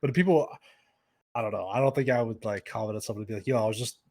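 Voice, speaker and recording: A man's voice: lowish voice, racing, darkish tone. A young adult man, a podcast guest, chatting casually and rambling with many fillers and restarts.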